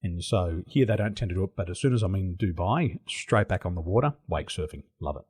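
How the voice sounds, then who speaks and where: An Australian man chats as a podcast guest. His voice sits low and carries a husky grain. He tells animated stories and laughs often. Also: brisk. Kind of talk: casual interview storytelling. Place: home in Taiwan.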